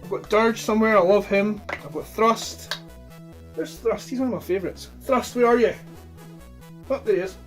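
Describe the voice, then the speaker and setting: A man's voice: sits high, moderate pace, soft background music. A man chatting casually about his toy collection, rambling and blunt with plenty of swearing. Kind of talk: casual chat.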